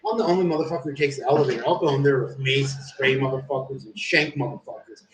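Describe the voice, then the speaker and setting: A man's voice: mid-range voice, fast talker, crowd noise. A man telling a long story in casual chat, swearing constantly and saying "dude" a lot. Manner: profane, rambling, says "dude" often. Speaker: streamer. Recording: roomy, distant from the mic.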